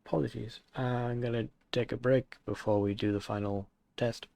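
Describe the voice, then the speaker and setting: Low-key gravelly game streamer. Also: male voice, fairly even intonation, moderate pace, few pauses, warm tone. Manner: thinking aloud, low-key. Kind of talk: casual game commentary.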